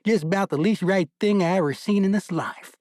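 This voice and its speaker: A man voicing a ragged young Confederate soldier with a slow, lazy Southern drawl. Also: high-pitched, darkish tone, no room sound, studio quality, pitched above the performer's own voice, lightly acted.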